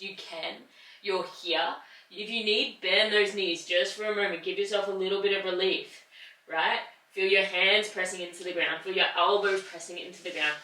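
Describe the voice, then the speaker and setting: Bright-voiced yoga teacher, roomy and distant. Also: female voice, medium pitch, steady tone, normal speed. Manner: encouraging, pushes through effort and laughs at the strain. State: strained from holding the poses. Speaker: yoga instructor. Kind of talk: guided yoga class instruction.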